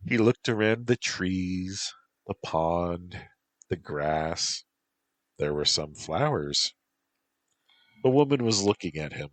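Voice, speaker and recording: A man calmly narrating a story as an audiobook. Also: low-pitched, slow, pauses often, no echo.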